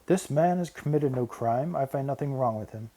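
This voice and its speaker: A man voicing a weary Roman governor in a Bible story, speaking firmly and deliberately. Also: mid-range voice, dark tone, natural voice. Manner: firm, deliberate, pleading.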